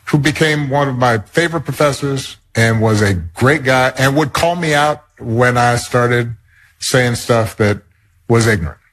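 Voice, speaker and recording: A man speaks in a played clip, calm and earnest, reflecting with a few restarts. His voice sits at a middle pitch. He sounds measured and steady. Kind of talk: measured public speech.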